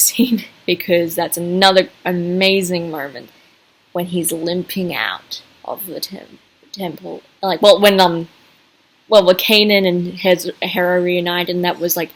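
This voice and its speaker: A woman's voice: fairly low pitch, rough recording. Gushing woman rambling through a fan review. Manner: gushing, rambling, full of fillers and restarts. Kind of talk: casual video review.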